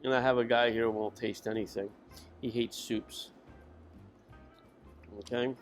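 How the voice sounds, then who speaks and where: A man's voice: medium pitch, steady tone, measured pace, faint music behind. A man giving a casual cooking demonstration in a kitchen, rambling and correcting himself as he goes. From Irish family. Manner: rambling, self-correcting, folksy. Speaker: cook.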